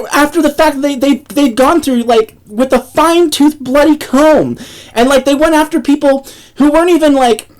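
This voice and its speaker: A woman's voice: high voice, a little mellow, low-quality recording. A woman, ranting angrily about politics and swearing constantly. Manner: profane, swearing constantly, heated. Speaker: political vlogger. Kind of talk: angry political rant.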